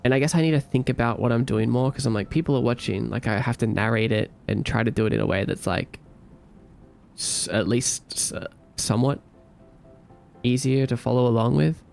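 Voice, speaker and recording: A man's voice: mid-range voice, fairly quick, vocal fry, soft background music. A man live-streaming while he codes a game, chatting casually with viewers, sleepy, rambling and thinking aloud. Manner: relaxed, rambling, thinks aloud, hums to himself.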